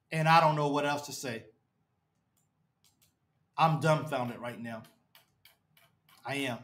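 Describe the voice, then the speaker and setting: A man hosting a fan podcast, ranting on a live stream in a distraught, halting way, repeating himself and trailing off low. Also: fairly bright tone. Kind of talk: emotional live-stream rant. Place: his apartment.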